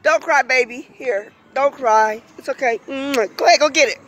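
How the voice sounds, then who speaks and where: A woman's voice: high-pitched, normal speed, a bit bright, slight background noise. An older woman, a grandmother, cheering on and teasing children during a casual game, playful and encouraging. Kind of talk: casual family play.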